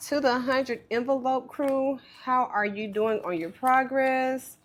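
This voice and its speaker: A woman's voice: high voice, steady tone, measured pace. A woman casually talking viewers through stuffing cash into budget envelopes, chatty and self-deprecating. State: tearful, voice breaking. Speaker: budgeting vlogger.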